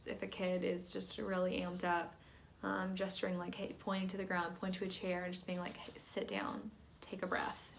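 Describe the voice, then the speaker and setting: Calm, creaky-voiced woman teacher. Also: mid-range voice, a little hiss or hum. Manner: calm, plain, many "um" fillers. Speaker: teacher training church volunteers. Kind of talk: instructional talk.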